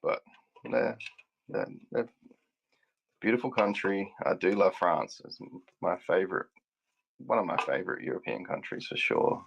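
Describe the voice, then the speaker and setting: A man with a very deep, gravelly voice trades dry, deadpan quips in relaxed stream banter. His voice sits low and full of fry. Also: moderate pace, muffled recording. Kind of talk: casual live stream banter.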